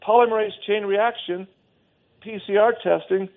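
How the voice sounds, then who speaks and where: A man's voice: medium pitch, animated, moderate pace, vocal fry. A man talking emphatically and scornfully as a guest on a talk show, often restarting his sentences, heard over a phone line.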